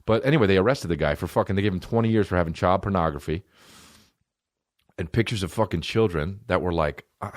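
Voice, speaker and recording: A man in his thirties rambles through a comic story as a podcast host, swearing freely and slipping into mock voices. His voice sits on the low side. The sound is dry and close to the mic, with no room echo. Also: quick pace. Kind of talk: casual comedic monologue.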